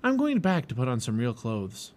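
A man's voice: mid-range voice, wildly swooping pitch, moderate pace. A man voicing a cautious, worried young boy in a storybook read-aloud, with a plain, wary delivery.

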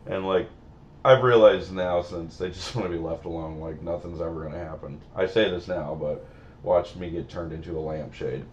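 A man's voice: low-pitched, fairly even intonation, moderate pace, darkish tone, dull audio, slight background noise. A man co-hosting a podcast, telling rambling, profane, joking stories in casual banter. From Missouri. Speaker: podcast co-host.

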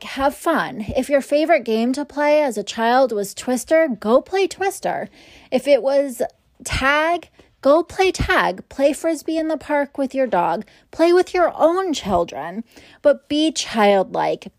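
A middle-aged woman therapist speaks in a calm, reassuring voice at a very slow, unhurried pace. Her voice sits in a middle register. The recording is close and dry, with no room sound. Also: medium pitch, dry recording. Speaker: therapist and podcast host. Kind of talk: calm advice monologue.

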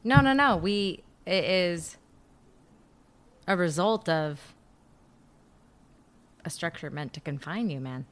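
A woman's voice: on the low side, expressive, slow, pauses often. A woman in casual chat, supportive, making wry asides and swearing.

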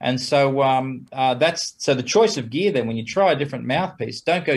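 A man's voice: mid-range voice, animated, a little fast, breathy edge. A man who plays trumpet, talking casually as an interview guest, chuckling between points and acting out quoted exchanges in a raised voice.

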